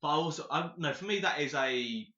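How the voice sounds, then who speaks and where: A man's voice: on the high side, a little fast, pushed and bright. A man co-hosting a casual podcast chat, hesitant and restarting often, swearing freely. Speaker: podcast co-host. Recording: dull lo-fi echoey room.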